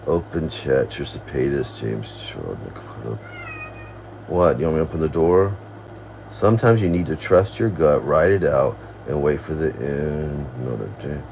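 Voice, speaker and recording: A man's voice: very deep voice, unhurried, vocal fry, darkish tone, slight background noise. A man in casual rambling commentary, laughing and accusatory as he goes over an online feud.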